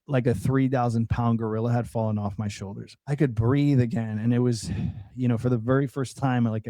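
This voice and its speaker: A man sharing a personal testimony as a podcast guest, his voice mellow and unhurried. He talks earnestly, doubling back and restarting as he goes. The close microphone leaves the sound dry, with no room around it. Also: mid-range voice, no room sound. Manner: earnest storytelling with many restarts and fillers.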